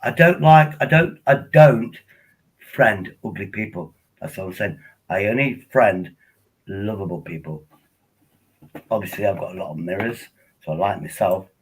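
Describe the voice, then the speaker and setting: Older streamer, husky low voice, rambling friendly chatter over a laptop mic. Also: male voice, normal speed, rough recording. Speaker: live-streamer. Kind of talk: casual live-stream chat.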